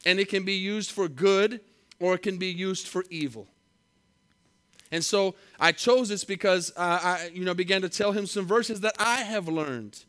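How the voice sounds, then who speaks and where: A man preaching a sermon, reading scripture slowly and with emphasis, then telling a story in a conversational way. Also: high-pitched, a bit bright. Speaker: pastor.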